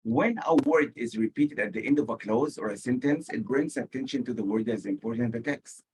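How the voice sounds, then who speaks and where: A male SAT teacher with an Arabic accent giving a recorded lesson, explaining slowly and repeating key words for emphasis. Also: mid-range voice, a little mellow, breathy edge, rough recording. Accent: Arabic-speaking. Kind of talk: recorded lecture.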